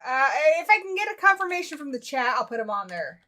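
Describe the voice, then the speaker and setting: A woman's voice: high-pitched, sing-song, quick pace, bright, forceful tone. A woman hosting a livestream in a casual, chatty way, talking straight to her viewers and laughing easily. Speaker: livestream host. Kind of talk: casual live chat.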